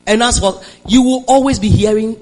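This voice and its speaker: A Nigerian woman preaching a sermon, moving between hushed storytelling and shouted declarations and calling on the congregation to respond. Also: on the high side, fairly quick, poor audio. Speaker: preacher giving a testimony.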